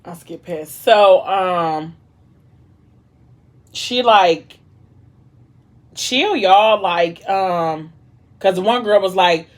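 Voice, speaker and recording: A woman's voice: on the low side, takes it slowly, long pauses. A young woman vlogger casually retelling a book's plot, acting out the characters' lines with lots of slang and drama. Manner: animated, dramatic retelling with quoted dialogue and slang. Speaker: mukbang vlogger retelling a book. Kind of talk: casual storytelling chat.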